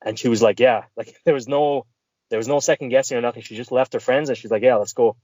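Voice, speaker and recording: A laid-back man chatting on a casual podcast, chiming in with laughs. His voice sits at a middle pitch and sounds dry and close-miked. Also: steady tone, quick pace, a little mellow, no room sound, lo-fi sound. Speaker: podcast co-host. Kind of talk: casual chat.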